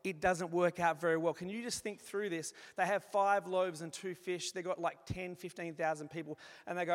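A man with a notably high voice delivers a sermon, lively and conversational, slipping into little acted-out asides. His words carry a long reverb, as if spoken in a large hall. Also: brisk, hardly any pauses. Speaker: preacher.

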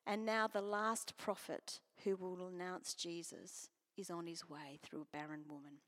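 A woman's voice: lowish voice, level tone, measured pace. Earnest woman preaching in a reverberant hall. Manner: earnest, swings from strong emphasis to soft near-whispers. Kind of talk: sermon with scripture reading.

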